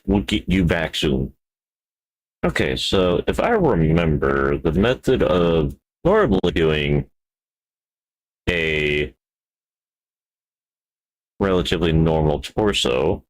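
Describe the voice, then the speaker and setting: Guy with a really low voice chatting away on stream, goofy little asides while he models stuff. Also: big pitch swings, slow, pauses often. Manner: rambling, playful self-talk with wordplay asides. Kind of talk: casual live-stream talk while 3D modeling.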